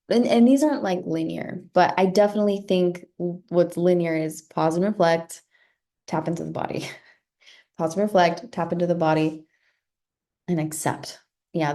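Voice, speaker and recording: Gravelly, warm-toned woman life coach. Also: fairly low pitch. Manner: earnest, repeats words, asks rhetorical "right?". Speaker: podcast host and life coach. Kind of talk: reflective motivational talk.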